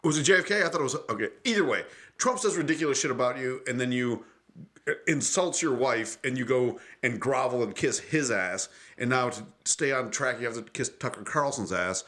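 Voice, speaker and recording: A man's voice: mid-range voice, fairly quick, a bit bright. Fired-up ranting man. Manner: heated, profane, ranting. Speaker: podcast co-host. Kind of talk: casual political chat.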